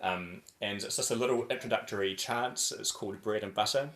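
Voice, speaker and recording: A man leading a choir warm-up over a video call, playful and over the top as he chants drills. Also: lowish voice, brisk, reverberant.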